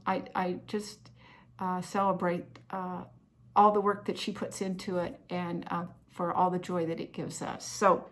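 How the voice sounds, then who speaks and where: A woman hosting a cross-stitch vlog, chatting in an effusive, heartfelt way about gifts she received. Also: medium pitch. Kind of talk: casual chat showing happy mail.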